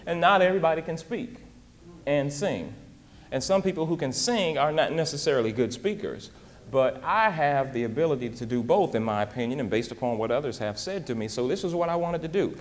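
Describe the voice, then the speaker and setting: A man giving a live motivational talk in an animated, folksy way, often dropping in casual asides to the crowd. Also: fairly high pitch, a little fast, in a large hall. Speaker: motivational speaker and singer.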